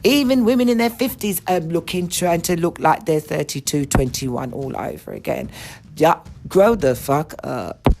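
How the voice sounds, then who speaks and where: A woman's voice: low voice, animated, moderate pace, vocal fry, a little mellow, a little hiss or hum. A woman hosting her own podcast, ranting bluntly and indignantly with plenty of swearing. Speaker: podcast host. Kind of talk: ranting monologue.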